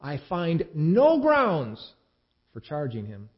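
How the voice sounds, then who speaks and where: An uneasy, stern Roman governor, put on by a man reading aloud, pressing each point with emphatic, rising declarations. The voice sits higher than the reader's own and swings widely in pitch. It comes through a dull, lo-fi recording. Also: huge pitch swings, slow pace, full character voice.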